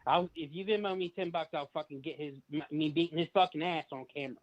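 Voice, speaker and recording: A man's voice: fairly high pitch, fast talker. A man on the receiving end of a prank phone call, talking in a furious, profane way. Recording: muffled phone line.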